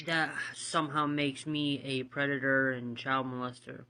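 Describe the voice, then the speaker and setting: A woman's voice: rumbling low, steady tone, measured pace, sharp tone. A woman in a played video clip, sounding defensive and indignant as she answers accusations.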